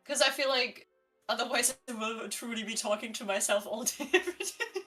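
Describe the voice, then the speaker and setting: Bright giggly female streamer. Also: on the high side, fairly even intonation, moderate pace, soft background music. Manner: giggly, bubbly. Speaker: streamer and co-host. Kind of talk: casual stream chat.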